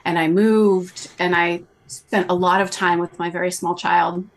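A middle-aged woman, a coach talking as a podcast guest in an animated, rambling way, full of "like" and "you know". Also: fairly low pitch, a little slow. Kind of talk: conversational interview.

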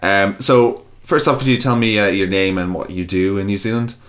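A man hosting a comedy podcast, keeping a straight face as he puts his questions. His voice sits on the low side, and he talks in an unhurried, deadpan way. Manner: mock-serious, deadpan interviewer questions. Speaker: podcast host, interviewer.

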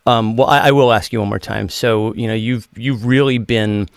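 A man's voice: lowish voice, fairly even intonation, moderate pace, gravelly, clean tone, no room sound. A man hosting a podcast, friendly and casual, who calls his guest dude and man and often restarts his sentences. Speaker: podcast host. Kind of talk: podcast interview and sign-off.

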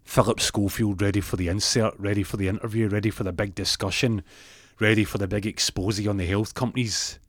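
A man's voice: lowish voice, fairly even intonation, brisk, dry recording, clean studio sound. A man telling a comic story, jumping into raised voices for each character.

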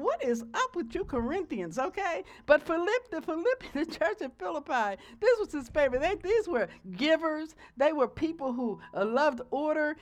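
A woman preaches with a high, light voice, keeping her sermon loose and conversational. She teases her listeners along and checks in with them often. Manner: conversational, playful preaching with frequent "okay?" asides.

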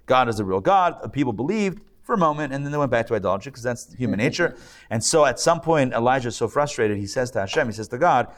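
A man's voice: medium pitch, animated, fast talker. A man, a rabbi, teaching a live class in a joking, conversational way and checking in with his audience. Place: lecture room with a live audience and online viewers.

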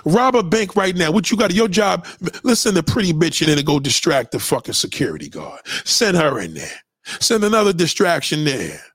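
Clean studio audio with no room sound carries a man's high-pitched, fairly bright voice that has a breathy edge. Addressing viewers as an opinionated vlogger, he rants profanely and preachily, pushing conspiratorial ideas and repeating himself to stress them.

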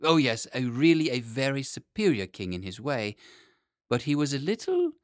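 A man's voice: medium pitch, very animated, moderate pace, no room sound, studio quality, voice pushed up, lightly acted. A man voicing a cautious, deferential prime minister who hesitates. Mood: hesitant. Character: fussy, cautious older male prime minister.

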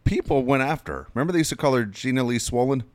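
A radio co-host with a mid-pitched male voice and a lively, wide-ranging delivery. He swears casually and laughs through his stories. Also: rapid-fire. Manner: laughing, profane storyteller.

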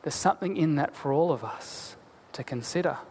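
A man preaching a sermon as a pastor, earnest and deliberate, asking rhetorical questions. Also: on the high side, expressive, darkish tone, breathy edge. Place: church. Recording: long church hall reverb.

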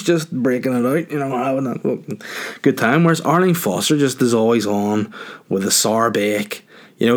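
Young Northern Irish podcast host, mid-range voice, crude rambling humor. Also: male voice, medium pitch. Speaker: podcast host answering listener questions. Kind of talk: casual chat.

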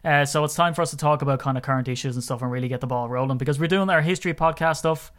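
A man's voice: medium pitch, very fast, fairly bright tone. An Irish man co-hosting a podcast, chatting casually and teasing his partner with jokey banter. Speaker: podcast co-host.

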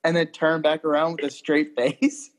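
A man's voice: fairly high pitch, flat delivery, a little slow. A young man telling a story in a casual chat, loose and rambling, full of fillers and swearing.

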